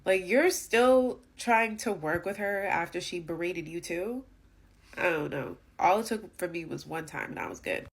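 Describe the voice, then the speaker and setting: A woman's voice: on the low side, expressive, unhurried, creaky, breathy edge. A young woman vlogger telling an indignant storytime rant, emphatic and full of fillers.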